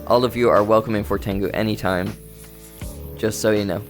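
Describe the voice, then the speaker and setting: A man's voice: lowish voice, fairly even intonation, fairly quick. Easygoing man chatting on a stream. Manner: easygoing, rambling, talks to chat. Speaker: livestreamer. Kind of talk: casual stream chat with viewers. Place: home streaming setup, playing in VR. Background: faint background music.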